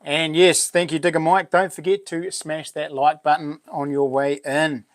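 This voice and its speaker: A man's voice: fairly high pitch, level tone, normal speed, no echo, studio quality. A man with a New Zealand accent hosting a livestream, chatting casually and upbeat, greeting viewers as buddy and mate. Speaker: livestream host. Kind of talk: casual chat greeting live chat.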